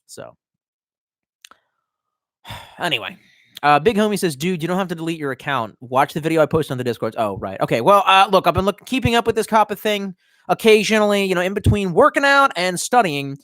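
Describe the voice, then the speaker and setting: A man's voice: sits high, big pitch swings, a little fast, a bit bright, dry recording, studio quality. A young man ranting casually to his live chat, profane and rambling. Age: young adult. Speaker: live streamer.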